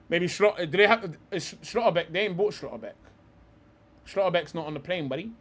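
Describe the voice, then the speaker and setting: A man's voice: high-pitched, animated, unhurried. A young man hosting a live stream, talking football in a rambling, heated way, swearing often and calling people bro.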